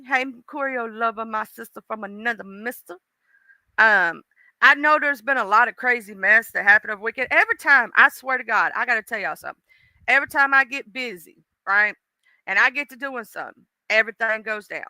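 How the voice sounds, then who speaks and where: Bright-voiced chatty woman streamer. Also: a little high, no room sound. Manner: chatty, greets commenters by name, slangy asides. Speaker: livestream host. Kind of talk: casual gossip chat with viewers.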